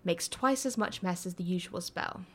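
A woman's voice: lowish voice, normal speed, lightly acted. Cheeky young sorcerer with a playful bite, voiced by a woman reading a story. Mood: explaining. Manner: playful, pushing his luck.

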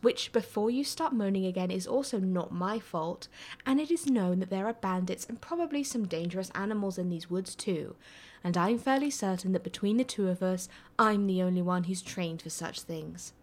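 A woman's voice: medium pitch, expressive, moderate pace, a little mellow, lightly acted. Woman reading a cocky young prince guy, smug and teasing, kinda lecturing. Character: arrogant young male prince, teasing and self-assured.

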